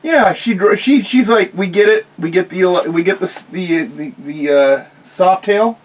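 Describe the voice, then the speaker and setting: A man's voice: high voice, normal speed, distant mic, low-quality recording. A man bantering on a podcast, cussing and throwing in punchlines. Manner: joking, cussing, interrupting with punchlines. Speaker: podcast co-host. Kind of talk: casual banter.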